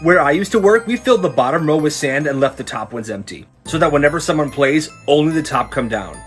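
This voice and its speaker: A man telling quick comedy stories and acting out the people in them. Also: a little high, faint music behind. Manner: animated storyteller, acts out characters. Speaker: comedy creator. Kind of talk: storytelling comedy skits.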